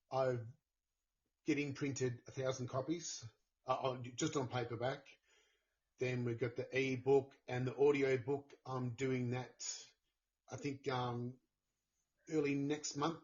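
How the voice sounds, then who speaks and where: A man's voice: medium pitch, darkish tone, muffled recording. A man with an Australian accent chatting earnestly and enthusiastically as a guest author. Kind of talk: casual chat.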